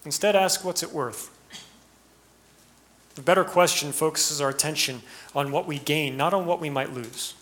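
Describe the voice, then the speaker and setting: A man's voice: mid-range voice, a bit bright. A man with an American accent, a pastor giving an earnest sermon full of rhetorical questions and rising emphasis.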